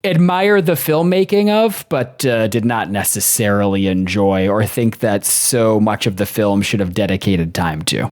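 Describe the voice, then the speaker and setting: A man's voice: fairly low pitch, darkish tone. A young man co-hosting a podcast, talking through a film in a casual, rambling way and laughing easily. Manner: candid, rambling, quick to laugh. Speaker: podcast co-host.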